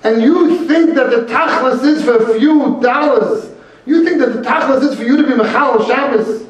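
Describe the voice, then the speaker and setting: A man's voice: very high-pitched, moderate pace, pitched above the performer's own voice. A man voicing an earnest old rabbi who rebukes a rich man with fervent, pressing rhetorical questions. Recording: very echoey room, mic far off.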